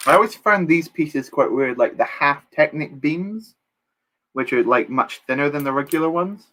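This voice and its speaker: A man's voice: on the high side, lively intonation, moderate pace, bright, forceful tone. Chatty young man streaming. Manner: chatty, reads chat aloud, self-deprecating jokes. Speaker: streamer building Lego live. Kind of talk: casual live-stream chat.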